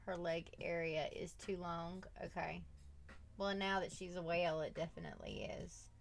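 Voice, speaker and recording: A woman's voice: fairly low pitch, moderate pace, gravelly. A woman hosting a drawing livestream from home, chatting casually, reading chat aloud and laughing often. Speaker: art livestream host.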